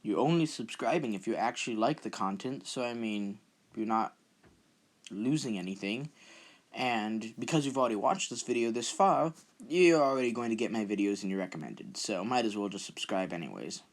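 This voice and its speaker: A man's voice: on the low side, animated, normal speed. A young man hosting his own channel, talking casually in a rambling, self-deprecating way and often repeating words as he goes. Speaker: channel host. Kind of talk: casual vlog commentary.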